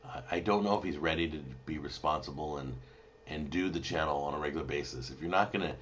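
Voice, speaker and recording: A middle-aged man hosting a live show, chatting casually and telling rambling, animated stories to viewers. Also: rumbling low, fast, dull audio, slight background noise. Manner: rambling, animated storytelling with restarts. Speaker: cooking show host answering viewer questions.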